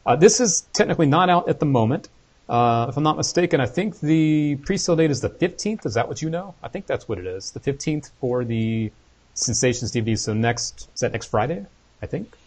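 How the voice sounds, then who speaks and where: A man hosting a live interview, relaxed and casual, reading out viewer questions with many fillers. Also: mid-range voice, a little fast, slightly rough. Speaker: host. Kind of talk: live video interview chat.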